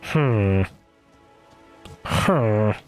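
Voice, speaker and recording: A man's voice: fairly low pitch, lively intonation, extremely slow, faint music behind. A man streaming a game live, rambling and thinking aloud as he plays, often poking fun at himself. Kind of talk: live gameplay commentary.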